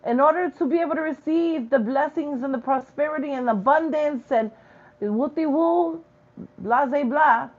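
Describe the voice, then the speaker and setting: A woman's voice: high-pitched, moderate pace, lo-fi sound. Blunt, profane woman preaching spiritual tough love. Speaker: spiritual reader. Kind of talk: spiritual message vlog.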